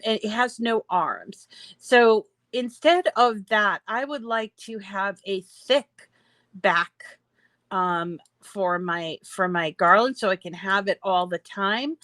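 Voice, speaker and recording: Slow, chatty woman teaching a craft. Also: medium pitch, fairly bright tone, no echo. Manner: chatty, explains step by step with fillers. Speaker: craft tutorial host. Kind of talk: screen-share craft tutorial.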